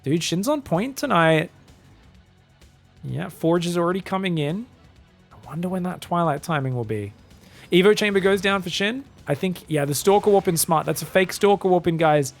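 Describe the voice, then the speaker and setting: A man calls a live esports match in quick, chatty play-by-play, breaking into jokes. His voice sits fairly high with a gravelly fry, and faint music plays behind him. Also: expressive. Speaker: esports caster. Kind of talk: live game commentary.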